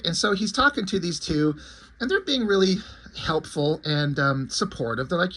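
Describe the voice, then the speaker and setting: Host-type man, bright husky tone, chatty comic recap. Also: fairly high pitch, expressive, a little fast. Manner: loose, chatty, with many fillers. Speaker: comic book reviewer. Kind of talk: casual comic book recap.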